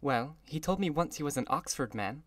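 A man reading an audiobook, voicing a cool, worldly young woman in a slow, ironic drawl. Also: a little high, animated, no echo. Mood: languid.

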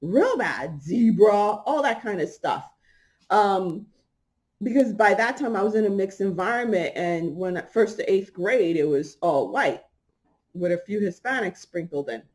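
A woman's voice: mid-range voice, animated, unhurried, a little mellow. A middle-aged woman hosting a podcast, telling a personal story in a casual way. She laughs often and acts out the people she quotes. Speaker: podcast host.

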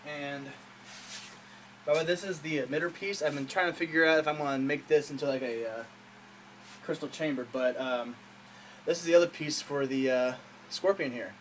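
A man in a casual show-and-tell vlog, talking excitedly with lots of fillers in a small room at home. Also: fairly high pitch, normal speed, long pauses, slight background noise, rough recording. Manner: rambling, enthusiastic, many fillers. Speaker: hobbyist showing a custom saber.

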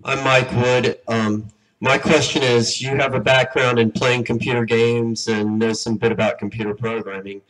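A man's voice: medium pitch, little pitch movement, normal speed, fairly bright tone. Distant man asking a question from the audience. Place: large conference hall. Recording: distant voice, off-mic.

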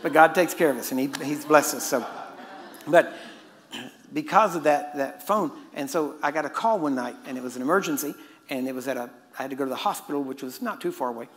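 A man's voice: fairly high pitch, a little fast, a bit bright. A man preaching a sermon as a casual story, now and then laughing at his own asides. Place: church hall. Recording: echoey hall with faint ambience.

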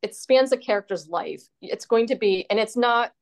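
A woman's voice: fairly high pitch, moderate pace. Hesitant woman interviewer, lots of fillers. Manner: tentative, filler-heavy questioning. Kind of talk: conversational interview.

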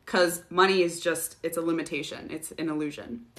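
A woman's voice: deep voice, steady tone, a little fast, a bit bright. A young woman hosting a casual livestream, telling stories and answering viewer questions, swearing freely and laughing often.

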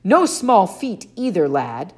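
Woman playing a wise, gentle old-fashioned teacher. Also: medium pitch, sing-song, slow, voice pushed up. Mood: kindly. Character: kindly wise male teacher, patient and gentle.

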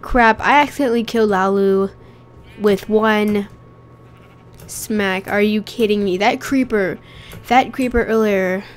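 A young woman with a cold, coughing and rough-voiced, chatting casually and getting easily exasperated while she plays. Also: medium pitch, measured pace. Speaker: gaming channel host. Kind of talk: casual gameplay commentary.

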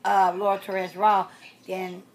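A woman's voice: medium pitch, little pitch movement, measured pace, a little hiss or hum. Chatty woman in her sixties, rambling. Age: 60s. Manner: chatty, repeats herself, trails off with fillers. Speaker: reborn doll collector vlogger. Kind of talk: casual rambling vlog talk.

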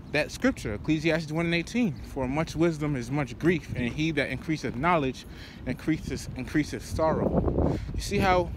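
A man preaching while walking outdoors, rambling and profane, padding his talk with "you know" and "man". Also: on the high side. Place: outdoors by a road. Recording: street traffic noise behind.

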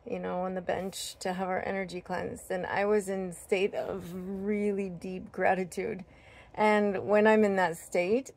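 A woman vlogger sharing a heartfelt spiritual talk, earnest and gentle, with many fillers and restarts. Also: mid-range voice. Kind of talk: heartfelt personal talk to camera.

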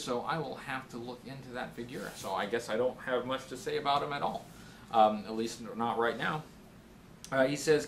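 Halting man answering viewer questions. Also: medium pitch, a bit bright, a little hiss or hum. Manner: halting and thoughtful, with frequent pauses to think; reads viewer questions aloud, then answers them plainly. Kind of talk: casual Q&A vlog.

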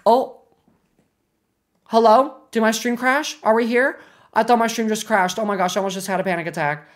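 Streaming a game live, this woman reacts loudly and dramatically, shrieking and swearing as she chats with viewers and thanks subscribers. Her voice is fairly high and her pace moderate.

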